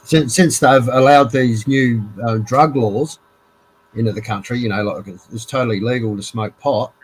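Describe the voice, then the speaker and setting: A man hosting a live stream chat, talking bluntly and rambling through his points with lots of fillers. His voice sits at an average pitch. A faint hiss of background noise runs under it. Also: steady tone, normal speed, poor audio. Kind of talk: casual chat.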